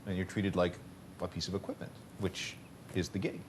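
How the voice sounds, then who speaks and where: A man hosting a casual radio interview, asking relaxed, jokey follow-up questions. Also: sits low, moderate pace, a little hiss or hum. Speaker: radio host.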